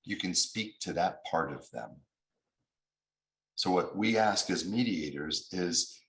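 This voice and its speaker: Low-voiced guy teaching a mediation class over zoom, explains things step by step, echoey room. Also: lively intonation, takes it slowly, long pauses, a bit bright. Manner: explanatory, acts out angry voices. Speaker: mediation trainer. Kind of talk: training lecture over video call. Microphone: video call.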